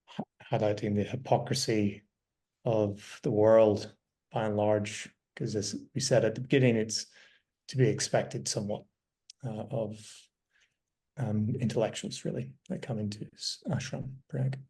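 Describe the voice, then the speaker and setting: Man hosting with halting, thoughtful talk. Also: on the low side, fairly even intonation, creaky, dark tone. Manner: thoughtful, hesitant with many fillers and restarts. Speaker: podcast host. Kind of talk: casual book discussion.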